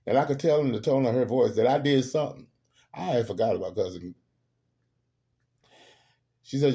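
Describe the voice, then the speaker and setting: A man hosting a show, telling family stories in a casual, animated and emphatic way with salty humor. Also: mid-range voice, a little fast, pauses often. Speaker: host. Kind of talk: casual storytelling monologue.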